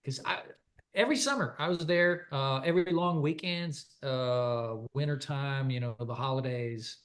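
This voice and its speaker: A man's voice: mid-range voice, normal speed, fairly bright tone. Chatty French-native man from Quebec. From Quebec, Canada. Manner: rambling, chatty, many fillers and restarts. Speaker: country singer-songwriter guest. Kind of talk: casual interview chat.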